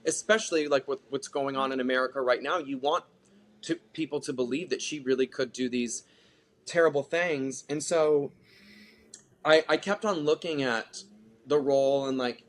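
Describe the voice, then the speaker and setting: A theater actor chatting as a guest in a casual interview, animated and talkative, with lots of filler "like". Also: mid-range voice, normal speed.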